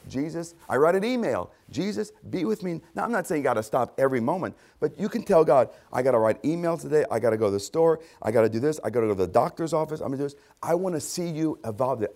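An older man preaching a sermon, animated, swinging between loud exclamations and hushed asides. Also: mid-range voice. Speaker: pastor.

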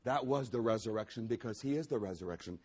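A man's voice: fairly low pitch, fast talker, a little mellow, breathy edge. A man preaching a sermon, emphatic and repetitive as he reads and retells a passage. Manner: emphatic, repetitive, with bursts of laughter.

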